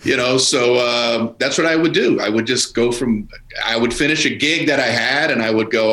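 A man's voice: medium pitch, moderate pace, bright, forceful tone, roomy sound, rough recording. A man, a comedian guest, telling rambling anecdotes in casual chat and acting out the dialogue, from his home office.

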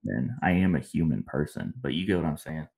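A young man hosts a podcast with a very low, deep voice. He talks in a laid-back, rambling way, full of slangy asides and loose stories. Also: expressive, fast, vocal fry, a little mellow, slightly rough. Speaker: podcast host. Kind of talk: casual chat.

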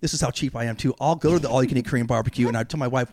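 A middle-aged man chatting as a podcast guest, an animated storyteller who acts out the lines he quotes. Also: mid-range voice, rapid-fire, slight background noise. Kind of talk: casual chat. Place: podcast studio.

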